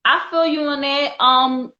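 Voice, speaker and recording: A woman's voice: high-pitched, fairly even intonation, measured pace, bright, forceful tone. A woman hosting a casual discussion show who speaks in an earnest, informal and opinionated way. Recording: slightly dull lo-fi sound.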